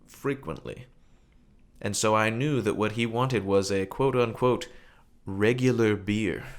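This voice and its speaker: A man telling a bar story to a camera in a lively way, acting out the quotes as he goes. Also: on the low side.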